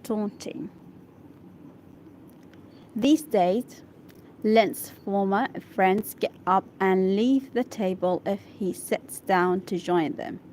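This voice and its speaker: Reading an English article slowly for practice, an Arabic-speaking woman learner stops to sound out tricky words, repeat them, and check how she says them. Her voice is mid-range with a darkish tone, and there's a little hiss or hum.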